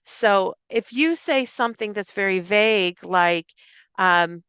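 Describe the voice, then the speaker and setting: A middle-aged woman with an Irish accent, a speech and language therapist giving a live talk to parents and educators, explaining clearly with frequent fillers and restarts. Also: mid-range voice, slow pace, a bit bright, no room sound. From Ireland. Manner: acts out example phrases in a lifted voice.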